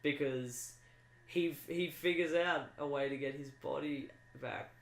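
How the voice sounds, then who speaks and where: A man's voice: a little high, a little slow, gravelly, echoey room, low-quality recording. A man on a podcast telling a made-up story in a rambling, playful way and putting on silly voices. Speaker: podcast co-host. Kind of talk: casual comedic chat.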